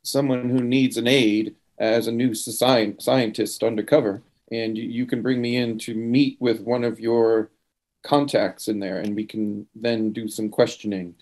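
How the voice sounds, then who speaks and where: A man's voice: mid-range voice, flat delivery, a little slow, a little mellow. A man playing a tabletop game, talking through a plan with frequent stammers and restarts. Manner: stammering, repeating words. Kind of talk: in-character game planning.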